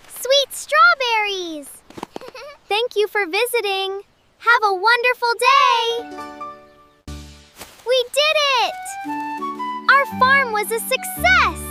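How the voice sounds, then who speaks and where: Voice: very high voice, drawn-out words, long pauses, pushed and bright, exaggerated voice. A performer voicing cheerful tiny cartoon chicks on a farm, bubbly and exclaiming every line. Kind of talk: children's cartoon voice acting. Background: children's music.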